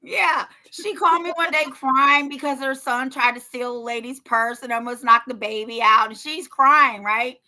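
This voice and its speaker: A woman's voice: high-pitched, moderate pace, hardly any pauses, sharp tone. A middle-aged woman co-hosting a podcast, talking bluntly and profanely in casual chat and laughing often. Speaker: podcast co-host.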